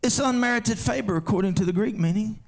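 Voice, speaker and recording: High-voiced gravelly preacher man. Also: fast talker. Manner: preaching with sing-song shouted climaxes and call-and-response questions. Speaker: pastor. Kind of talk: revival sermon. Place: church sanctuary during a live service.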